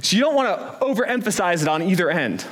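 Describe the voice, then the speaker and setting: A man's voice: high-pitched, very animated, fast, a bit bright. A man preaching a sermon as pastor, earnest and emphatic, with rhetorical questions.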